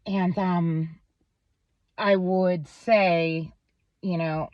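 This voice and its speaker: A woman's voice: lowish voice, fairly even intonation, extremely slow, dry recording, dull audio. A woman vlogger in a rambling, profane monologue to camera, full of fillers. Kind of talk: casual ranting monologue to camera.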